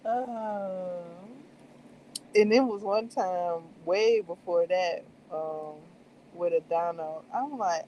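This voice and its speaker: Slow-talking, animated woman streamer. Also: lowish voice, muffled recording, slight background noise. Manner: animated, laughs often, acts out her own reactions; meandering with many fillers. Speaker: livestream host reviewing a show. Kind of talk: casual chat.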